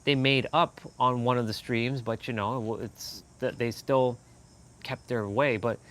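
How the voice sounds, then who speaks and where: A man from Canada chatting casually on a live stream, rambling and animated, laughing often as he talks to viewers. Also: mid-range voice, a little slow.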